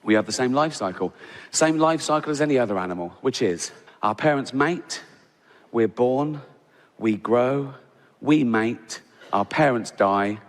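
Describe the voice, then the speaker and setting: English comedian on a stage in a reverberant hall. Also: male voice, expressive, unhurried. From England. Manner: conversational, keeps adding "right?", bursts into high laughing voices. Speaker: stand-up comedian. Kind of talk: stand-up comedy. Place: large theatre stage. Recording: live hall with audience.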